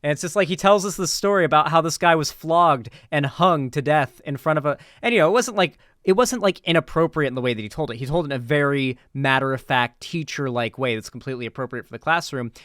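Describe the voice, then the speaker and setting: A man telling a casual, rambling story in commentary style, animated and swearing now and then. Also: a little high, fast, hardly any pauses, no echo, clean studio sound.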